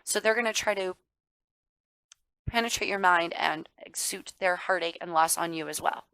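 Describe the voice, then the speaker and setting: A woman's voice: on the low side, moderate pace, pushed and bright, clear, resonant tone, no echo, poor audio. Emphatic woman giving a tarot reading. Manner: emphatic, calls listener darling and baby; swears, gets worked up. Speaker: tarot reader. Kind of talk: casual tarot reading to viewers.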